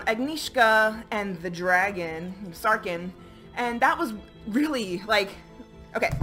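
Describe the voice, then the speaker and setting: A woman's voice: on the high side, sharp tone. A woman giving a casual, chatty book review with lots of fillers and playful asides.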